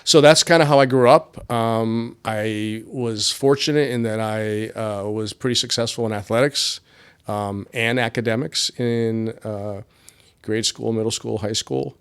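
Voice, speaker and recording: Speaking as a podcast guest, this middle-aged man from rural Appalachian Pennsylvania rambles through casual interview stories full of fillers and restarts. His voice is lowish, a bit bright and clean, with a measured pace and fairly even intonation.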